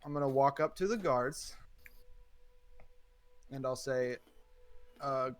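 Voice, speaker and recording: A man's voice: mid-range voice, slow pace, clear, resonant tone, no echo. A man playing a tabletop game, hesitant and stammering as he speaks for his character. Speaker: player. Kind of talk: casual tabletop play.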